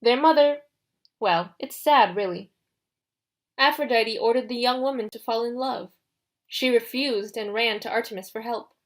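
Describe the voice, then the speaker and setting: A woman voicing a smooth taunting young villain. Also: on the high side, normal speed, close to an everyday voice.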